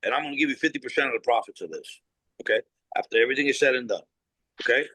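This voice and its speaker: Blunt, bright-voiced man telling stories. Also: medium pitch, very fast, no room sound, low-quality recording. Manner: blunt, no-nonsense, swears freely, acts out dialogue. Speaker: cigar company founder, guest. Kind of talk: animated storytelling interview.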